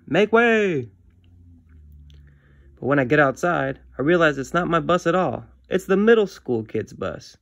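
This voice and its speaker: Gravelly man reading a story aloud. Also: on the high side, moderate pace, few pauses, no echo, studio quality. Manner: friendly, lively read-aloud. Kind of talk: reading a comic book aloud to children.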